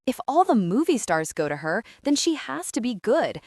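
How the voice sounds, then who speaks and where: A woman narrates a comedy audiobook in the first person, gushing and excitable. Her pitch swings widely as she reads. The recording is dry and close to the mic. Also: normal speed, no echo.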